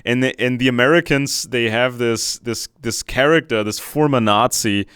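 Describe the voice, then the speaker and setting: This is a man talking in a video call. His voice is smooth and resonant, sitting at a mid pitch, and he stops mid-sentence to search for words. The recording is dry and close, with no room sound. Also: moderate pace, a bit bright, no echo.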